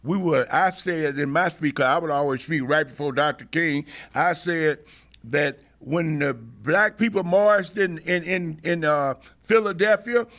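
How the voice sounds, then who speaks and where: An older man telling a long story as an interview guest, passionate and oratorical, often pausing and restarting before building to a rally-speech rhythm. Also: a little high, a bit bright. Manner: frequent hesitations and restarts. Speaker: interview guest, veteran activist. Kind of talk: oral history storytelling.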